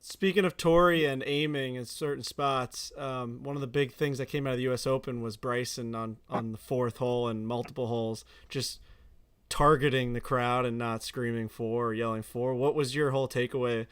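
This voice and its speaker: A man hosting a casual podcast chat, asking relaxed questions with plenty of fillers. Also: medium pitch, normal speed, clean tone. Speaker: podcast host.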